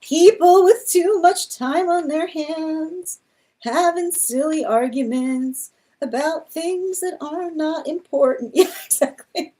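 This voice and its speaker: A woman's voice: high voice, slow, warm tone. A woman doing a live tarot reading, rambling with many restarts and exasperated asides, laughing often as she mocks. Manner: laughs often while mocking. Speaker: tarot reader.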